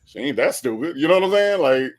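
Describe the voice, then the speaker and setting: A guest commentator in a casual reaction chat, talking in a blunt, sardonic, animated way. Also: mid-range voice, fast, very noisy.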